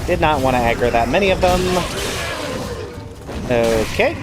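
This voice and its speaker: A man's voice: on the high side, animated, very fast, music in the background. A man giving wry, self-mocking let's play commentary as he plays through a game. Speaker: gamer playing a randomizer.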